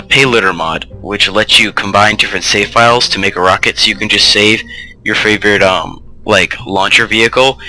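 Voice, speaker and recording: Rambling man with a bright, tense voice. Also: fairly low pitch, low-quality recording. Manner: rambling, loose, full of asides. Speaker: let's play host. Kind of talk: casual gameplay commentary.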